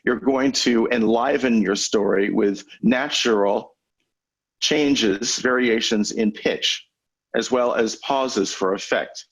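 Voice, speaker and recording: A man coaching lawyers on public speaking in a webinar over a video call, teaching in a measured, conversational way with deliberate pauses. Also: mid-range voice, husky, low-quality recording. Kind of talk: webinar lecture. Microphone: video call microphone.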